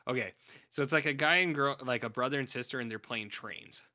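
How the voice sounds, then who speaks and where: A man's voice: mid-range voice, brisk, sharp tone. A man casually chatting on a podcast, rambling and acting out scenes in funny voices. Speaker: podcast co-host. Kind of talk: casual chat.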